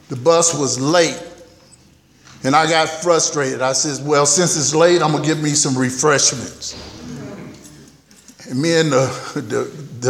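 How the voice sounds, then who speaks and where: A man telling his own recovery story at a meeting, candid and humorous, in a folksy voice. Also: fairly high pitch. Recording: echoey hall, heard from a distance.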